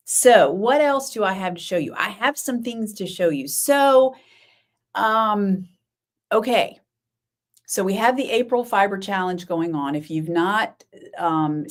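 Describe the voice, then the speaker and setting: A middle-aged woman hosting a casual live-stream, chatting and rambling, often laughing and answering viewers by name. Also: medium pitch. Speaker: knitting podcast host.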